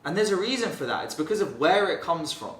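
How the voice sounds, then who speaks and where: A man's voice: on the high side, big pitch swings, quick pace, a bit bright. Confident, blunt man in a roomy room. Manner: confident, blunt, swears freely. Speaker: dating coach. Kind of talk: casual podcast chat. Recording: roomy echo, distant mic.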